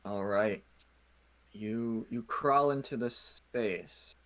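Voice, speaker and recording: Low-voiced man running a tabletop game. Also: fairly bright tone. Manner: halting, many uhs and restarts. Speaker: game master.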